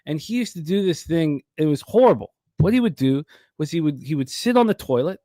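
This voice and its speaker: A man with a slightly high voice hosts a sports betting show, reading off game stats and drifting into rambling stories. The sound is close and dry, with no room around it. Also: lively intonation, brisk, warm tone, no room sound. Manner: rambling, reads stats and tells comedy stories. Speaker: sports betting radio host. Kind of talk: casual sports betting talk.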